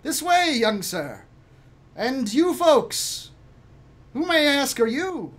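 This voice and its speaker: A man's voice: very high voice, very animated, slow pace, fairly bright tone, pitched above the performer's own voice, heavily acted. A man voicing a polite male servant who speaks formally and courteously.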